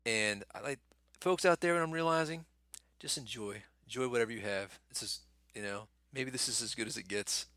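A man's voice: mid-range voice, brisk, pushed and bright, dry recording, studio quality. A man in casual chat, laid-back, laughing easily and often saying "man" and "you know".

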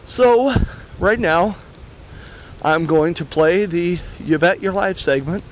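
A man walking fast and a little out of breath, rambling casually with many fillers as he introduces clips. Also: high voice, expressive, slight background noise. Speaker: podcast host. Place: outdoors near traffic.

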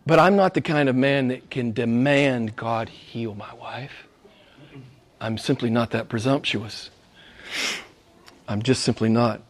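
A middle-aged male pastor preaching a sermon, swinging from hushed asides to high, emphatic exclamations. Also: lively intonation, unhurried, a little hiss or hum.

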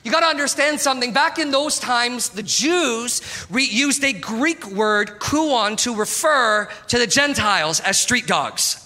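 A man preaching an animated sermon, his voice sitting very high with a sharp, bright edge. He keeps calling out to the congregation as he talks. The sound rings with long reverb from a church hall. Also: measured pace. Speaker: pastor.

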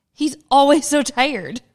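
A woman's voice: high-pitched, lively intonation, drawn-out words. A woman co-hosting a podcast, chatting casually and laughing as she recaps a movie, swearing freely. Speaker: podcast co-host.

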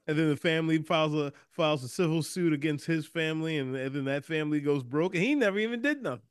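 A man's voice: on the high side, quick pace, smooth, dry recording, clean studio sound. A man co-hosting a casual movie podcast, rambling and restarting his sentences, speeding up when he gets worked up. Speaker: podcast co-host. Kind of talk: casual chat.

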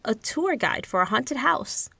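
A woman co-hosting a podcast, recapping a book in casual chat with sarcastic, animated asides. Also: fairly high pitch, a little slow, creaky, no room sound. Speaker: podcast co-host.

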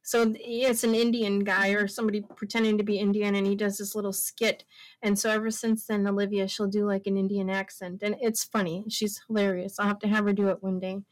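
A woman's voice: medium pitch, flat delivery, fairly quick, rough recording. A woman hosting a homeschooling podcast, chatting casually with her children and then leading an earnest prayer with many fillers. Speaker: podcast host and homeschooling mother. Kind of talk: casual family chat and closing prayer.

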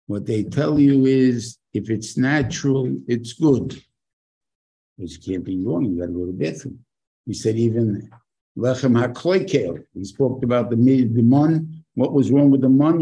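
A man's voice: mid-range voice, vocal fry, warm tone, slightly rough, rough recording. An older man giving an informal Torah class, chatting and throwing rhetorical questions at his students. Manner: conversational, asks the listeners rhetorical questions. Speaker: rabbi teaching a weekly Torah class.

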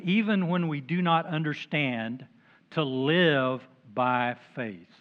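A man's voice: medium pitch, dull audio. An older man preaching a sermon as pastor, conversational and dropping joking asides.

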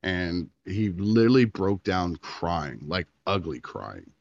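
A man's voice: sits low, very animated, slow pace, gravelly, lo-fi sound, a little hiss or hum. A man in his thirties, a podcast co-host, telling a long story in casual chat and acting out the quotes.

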